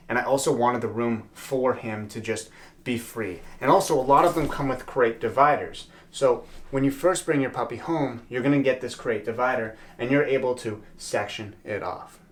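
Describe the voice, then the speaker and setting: A man chatting to camera in a room at home, giving upbeat, earnest advice as a dog owner. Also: medium pitch. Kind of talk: casual vlog talk to camera.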